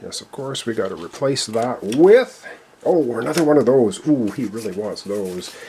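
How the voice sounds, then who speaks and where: A man with a voice he says he is losing, commenting excitedly on his own solo board game play and counting cards aloud. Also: mid-range voice, moderate pace, a little hiss or hum. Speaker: board game player and channel host.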